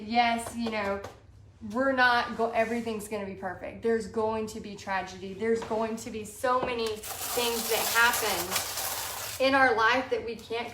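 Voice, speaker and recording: A woman's voice: fairly high pitch, fairly bright tone. A woman, hosting a live-streamed motivational talk for a paint party business, earnest and fired up, talking with lots of "you know" and "like". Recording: echoey room with faint background hum.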